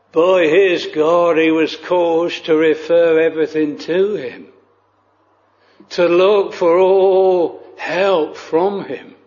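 A man preaching a sermon, slow and solemn, with old-fashioned scriptural phrasing, on a dull lo-fi recording. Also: a little high, darkish tone, in a large hall.

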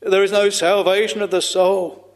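This preacher has a high-pitched, gravelly voice with a level tone, and the sound carries the echo of a big room. Slowly and solemnly, he stretches out his old-fashioned scriptural phrases and keeps sighing "ah" in between.

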